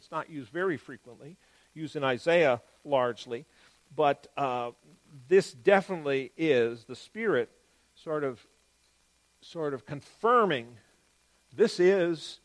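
Higher-voiced man teaching scripture. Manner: explanatory, stresses key words, shifts between quick and slow phrasing. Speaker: Bible teacher. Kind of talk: Bible teaching monologue.

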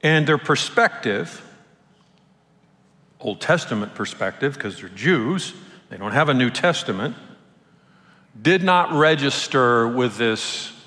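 Man, pastor, sermon, conversational, playful, average pitch, echoing sanctuary. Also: slow, pauses often. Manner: casual, conversational, animated, playful asides. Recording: long hall reverb.

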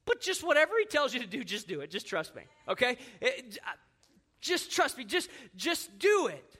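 Guy doing a no-nonsense mom bossing her kid around, quick, high. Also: wildly swooping pitch, bright, forceful tone, husky, full character voice. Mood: confiding. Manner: brisk, bossy, motherly. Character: practical, no-nonsense mother giving orders.

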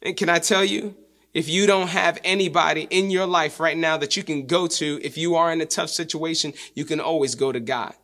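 A man delivers a sermon in a high voice. His tone is bright and forward, and his preaching is emphatic. He repeats key phrases and sinks his voice low for weight. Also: steady tone, a little fast.

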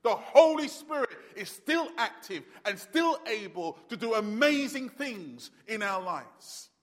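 A man preaching a sermon with a fairly high voice. He speaks emphatically and conversationally, repeating his points. His words echo with the long reverb of a church hall. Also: big pitch swings, a little slow. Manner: emphatic, repetitive, conversational with fillers.

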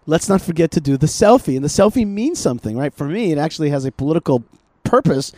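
A man hosting a casual podcast conversation, animated, often repeating himself and restarting his sentences. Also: a little high, quick pace, few pauses, no room sound. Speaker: podcast host. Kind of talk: casual political chat.

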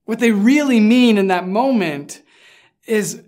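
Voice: medium pitch, lively intonation, unhurried, darkish tone. Conversational pastor giving a sermon. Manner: informal storytelling, acts out quoted lines.

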